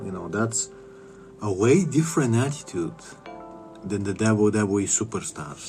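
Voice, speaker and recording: Slow, low-voiced ranting man. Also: expressive, warm tone, soft background music. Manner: crude, profane, repetitive ranting. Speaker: wrestling vlogger. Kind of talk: ranting commentary vlog.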